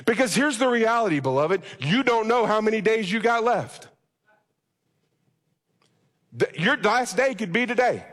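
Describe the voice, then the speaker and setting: High-voiced preacher man in a reverberant hall. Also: expressive, measured pace, pauses often, fairly bright tone. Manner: impassioned preaching, acting out a prayer in pleading tones. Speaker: pastor. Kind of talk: sermon. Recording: long reverb of a large hall.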